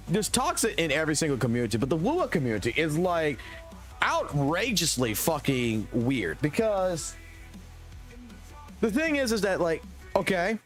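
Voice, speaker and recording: A man's voice: fairly high pitch, wildly swooping pitch, moderate pace, a bit bright. A man streaming games and ranting heatedly, with heavy swearing, in casual talk. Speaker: game streamer. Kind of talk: casual gaming stream rant. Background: faint music.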